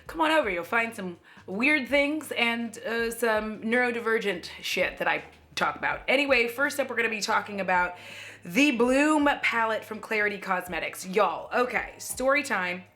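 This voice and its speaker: American woman, beauty vlogger, bright voice, casual and jokey, swears freely. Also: a little high, lively intonation, moderate pace. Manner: chatty, joking, swears casually. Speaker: beauty YouTuber. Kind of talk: casual chat to camera.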